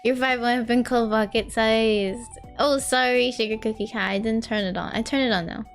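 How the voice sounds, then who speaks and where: A woman's voice: a little high, steady tone, fairly quick, soft background music. A young woman VTuber chatting casually on a live stream while she draws, rambling, laughing often and answering her chat.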